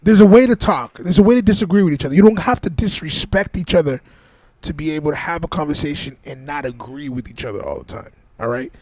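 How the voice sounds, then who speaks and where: A man's voice: a little high, animated, fast, darkish tone, no room sound. A man co-hosting a podcast, chatting casually, joking around and laughing, then giving earnest advice. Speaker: podcast co-host. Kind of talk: casual chat.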